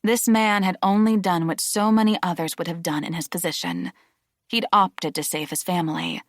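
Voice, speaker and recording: A woman reading a novel aloud as an audiobook narrator, steady and measured. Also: on the low side, no room sound, clean studio sound. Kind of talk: scripted narration.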